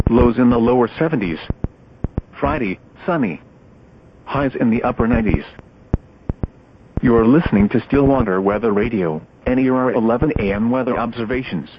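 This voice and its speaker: A computer-generated male voice reading a weather broadcast in clipped, evenly spaced phrases, each chopped apart from the next. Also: mid-range voice. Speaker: weather radio announcer. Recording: dull lo-fi radio with loud static.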